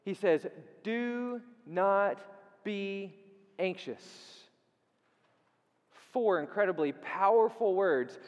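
A man preaching a sermon as pastor, swinging from loud and quick to hushed and drawn out, repeating phrases and asking his listeners questions. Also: high-pitched, animated, highs cut off. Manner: repeats phrases for emphasis and asks the audience questions. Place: church sanctuary. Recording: long reverb in a church hall.

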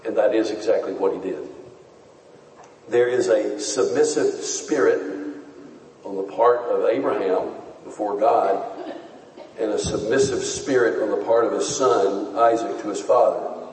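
A man preaching a sermon, teaching in a measured and earnest way. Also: on the low side, darkish tone, a little hiss or hum. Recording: echoey hall, voice from far off.

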